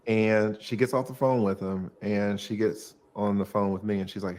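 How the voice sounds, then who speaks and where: A middle-aged man, a former lawyer, casually telling a profane, animated story from his law practice. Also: on the low side, normal speed.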